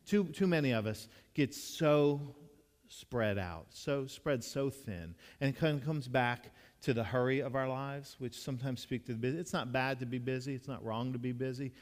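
A man's voice: mid-range voice, moderate pace. A man preaching a conversational sermon as a pastor, earnest and storytelling, often restarting and repeating his words. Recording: long reverb of a large hall.

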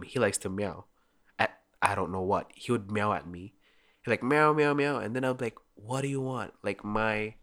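A man's voice: fairly low pitch, a bit bright. A young man chatting casually and rambling, with lots of "like" and frequent laughter. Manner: rambling, heavy use of "like", laughs often.

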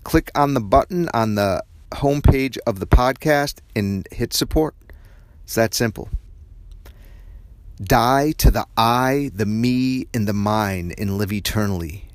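A man's voice: medium pitch, a little slow, no echo. A man hosting a podcast, giving an earnest, reflective spiritual self-help tip. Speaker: podcast host.

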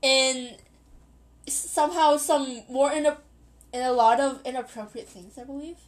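A woman's voice: sits high, fairly even intonation, normal speed. A woman in her twenties hosting a podcast, telling a story in a rambling, giggly way and correcting herself often. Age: 20s. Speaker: podcast host.

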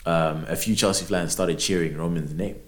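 A young man chatting casually as a podcast host, swearing and repeating words as he tells an animated story. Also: sits low, normal speed. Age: young adult. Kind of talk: casual chat. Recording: roomy echo.

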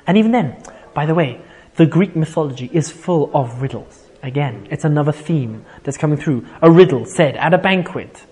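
A man's voice: on the high side, moderate pace, husky. A man teaching an informal Bible class, retelling the story with energy, quoting Hebrew verses and checking in with "right?" as he goes. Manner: animated storytelling, quotes Hebrew verses then paraphrases, frequent "right?".

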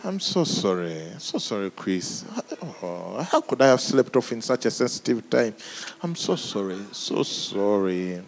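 A man voicing a meek divine figure apologizing over and over in a quiet, pleading way. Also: on the low side, big pitch swings, measured pace, creaky, pitched below the performer's own voice, heavily acted, rough recording. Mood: grovelling.

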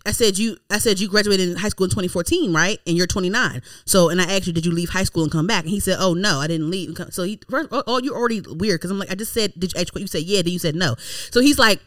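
A woman, hosting a podcast and telling a story in casual chat, animated and exasperated. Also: lowish voice, fast, few pauses, no echo. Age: 30s. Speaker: podcast host.

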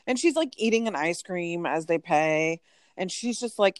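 A woman co-hosting a casual chat, animated and storytelling, full of "like" asides. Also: fairly low pitch, normal speed, no room sound, studio quality. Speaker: podcast co-host. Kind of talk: casual chat recapping a reality show.

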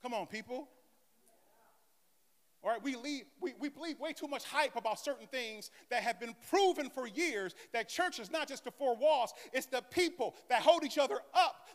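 A man's voice: extremely high pitch, normal speed. A male pastor preaching a sermon in an impassioned, emphatic way. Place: church sanctuary. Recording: echoey church hall.

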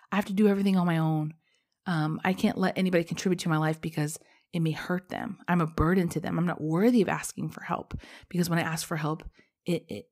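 A woman's voice: lowish voice, darkish tone. A pregnant woman hosting her own podcast, talking candidly and rambling, with casual swearing, in a personal monologue. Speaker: podcast host.

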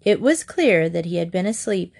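A woman's voice: fairly low pitch, animated, moderate pace, creaky, a little mellow, slightly rough. Woman reading a children's book aloud. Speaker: narrator. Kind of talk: storybook read-aloud.

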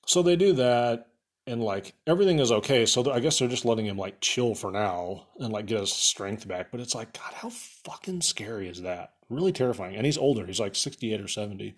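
A man's voice: mid-range voice, fairly quick. A young man host telling rambling stories in a casual podcast chat, saying "like" a lot and laughing at his own jokes. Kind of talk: casual storytelling rant.

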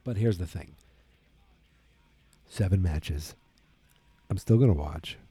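A man's voice: deep voice, slow, warm tone, breathy edge. A tired man hosting his own wrestling talk show, rambling casually with many fillers and restarts. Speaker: wrestling podcast host. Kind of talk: casual solo commentary.

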